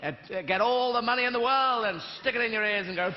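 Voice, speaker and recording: A man doing a stand-up comedy routine on stage, rambling and animated, often slipping into silly voices. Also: very high voice, fast talker, echoey room, in a large hall, muffled recording, very noisy. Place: theatre stage before a live audience.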